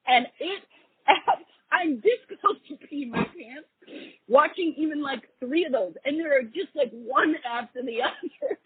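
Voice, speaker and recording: A woman's voice: high voice, expressive, normal speed, no room sound. A woman hosting a call-in advice show, chatting casually and laughing easily as she answers questions. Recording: tinny phone-like dry line.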